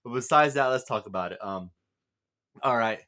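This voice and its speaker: A movie reviewer with a mid-range, pushed, bright male voice talks through a film's plot at normal speed. His casual, rambling review is full of fillers and restarts, with the odd chuckle.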